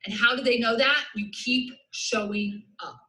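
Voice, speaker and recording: Woman, Southern US accent, business coach, live-stream talk, bright tone, upbeat, repeats her points. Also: a little high, steady tone, a little slow, echoey room, low-quality recording. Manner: emphatic, repetitive, laughs often.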